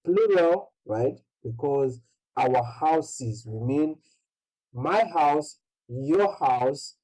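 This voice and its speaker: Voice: medium pitch, lively intonation, drawn-out words, mellow, poor audio. An English pronunciation teacher tutoring one student, patiently explaining and checking in with "right?" after nearly every phrase.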